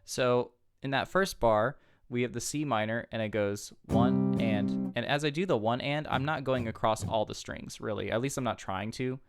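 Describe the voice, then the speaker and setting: A guitar teacher with a mid-range voice talks at a moderate pace with hardly any pauses, patiently going through chords and counting beats aloud in a casual tutorial. Loud guitar playing sits underneath his voice.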